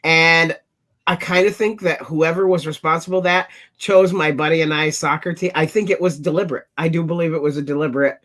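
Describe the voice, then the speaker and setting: A man's voice: on the high side, fairly even intonation, brisk, fairly bright tone. Joking man chatting on a panel. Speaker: podcast panelist. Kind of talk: casual chat.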